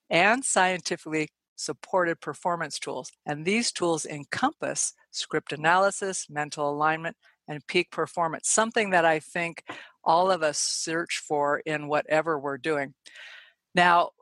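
A woman hosting a podcast, reading a guest introduction and then asking questions, eager and quick. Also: low voice, a bit bright, dry recording. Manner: enthusiastic, quick, admiring. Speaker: podcast host.

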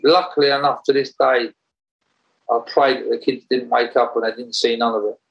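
A man tells a story to an interviewer in a loose, animated way, stumbling over restarts and breaking into laughter. His voice is gravelly with plenty of fry, sitting at an ordinary male pitch. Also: moderate pace, highs cut off. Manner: animated, laughs while telling, rambling restarts. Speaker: interview guest.

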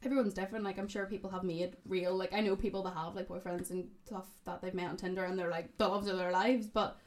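A woman's voice: on the low side, steady tone, fast talker. A young woman, chatting casually on a podcast and telling stories full of "like". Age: 20s. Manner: chatty storyteller, heavy use of "like".

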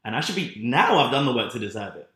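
A man chatting casually, words tumbling out fast as he recounts a work grievance and plays out the back-and-forth himself. His voice sits in a mid range. The room around him is noticeably echoey. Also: mid-range voice. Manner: quick, animated storytelling with reported speech. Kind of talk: casual chat. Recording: roomy echo.

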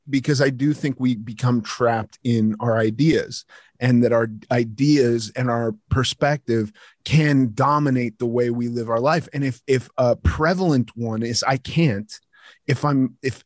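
A man's voice: mid-range voice, dry recording, studio quality. A man hosting a podcast, talking candidly and casually, swearing and restarting his sentences. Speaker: podcast host.

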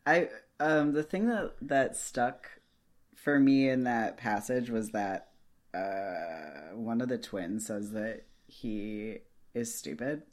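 A woman co-hosting a casual book discussion podcast, musing in a wry, unhurried way. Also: very deep voice, darkish tone. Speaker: podcast co-host.

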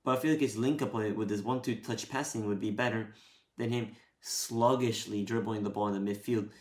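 A man's voice: fairly low pitch, steady tone, a little fast, a little mellow, reverberant. A man giving a blunt, exasperated post-match rant as a football fan podcaster, swearing and venting.

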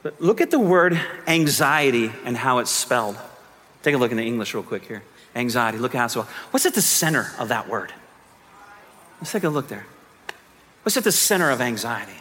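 A man preaching a sermon as pastor, moving from quiet teaching to fervent, almost shouted appeals. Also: mid-range voice, expressive, fairly quick, long reverb tail.

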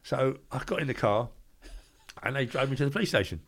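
An older man with a London accent, a guest telling stories briskly and acting out the dialogue. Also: mid-range voice, expressive, creaky, a bit bright. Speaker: guest, former doorman. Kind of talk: anecdotal storytelling.

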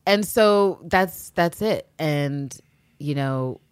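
A woman co-hosting a fan podcast in casual chat, animated and quick to act out characters' lines. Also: low voice, smooth, dry recording. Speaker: podcast co-host.

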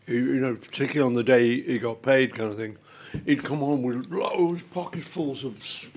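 An older man, a guest on a chat show, telling homely family stories in a halting, rambling way. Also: medium pitch, gravelly. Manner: rambling, halting anecdotes with many fillers. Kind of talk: casual storytelling chat.

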